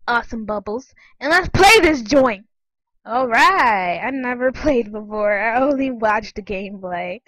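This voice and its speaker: A woman giving casual, excitable commentary while playing online games, often giggling and squealing. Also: a little high, no echo, rough recording. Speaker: gaming channel host.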